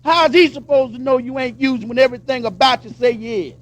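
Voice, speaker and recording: High-voiced man giving emphatic testimony. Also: fast, fairly bright tone. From Pennsylvania, USA. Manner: emphatic storytelling, acts out dialogue. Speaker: recovery convention speaker. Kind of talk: personal testimony speech.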